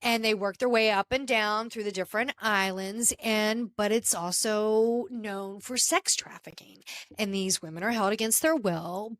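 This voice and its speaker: A woman's voice: mid-range voice, no echo. A woman podcast co-host casually retelling a story, quoting people as she goes, with frequent restarts. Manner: animated retelling with quoted voices and restarts.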